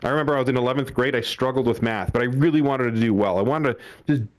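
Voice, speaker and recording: A man's voice: medium pitch, fast. A young man doing a stand-up comedy set on a club stage, telling family stories with acted-out quotes and frequent laughter.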